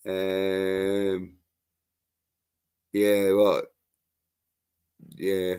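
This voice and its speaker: A man's voice: medium pitch, lively intonation, slow. A man hosting a livestream, ranting angrily and swearing constantly in a rambling way. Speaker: livestream host. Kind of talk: profane livestream rant.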